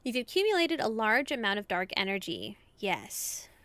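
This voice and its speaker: A woman's voice: medium pitch, huge pitch swings, fairly bright tone, dry recording. A woman doing a smug southern-belle fortune teller. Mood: smug mystic. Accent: put-on American Southern. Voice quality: slow southern twang. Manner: mystical, condescending, drawn-out.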